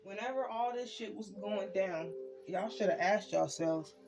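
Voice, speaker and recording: A woman's voice: medium pitch, a little slow, music in the background. A woman ranting in a casual spoken monologue, swearing freely and tossing in "right?" again and again. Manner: profane, ranting, keeps asking "right?". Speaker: online spiritual speaker.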